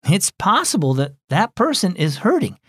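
A man's voice: high voice, wildly swooping pitch, normal speed, breathy edge, no room sound, studio quality. A man hosting a children's devotional program, friendly and encouraging as he speaks to kids. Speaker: host.

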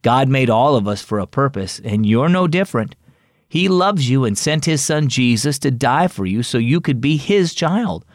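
An actor playing a kind older male neighbor who speaks calmly and firmly to comfort a boy. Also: medium pitch, moderate pace, dry recording, studio quality, lightly acted. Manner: warm, steady, comforting.

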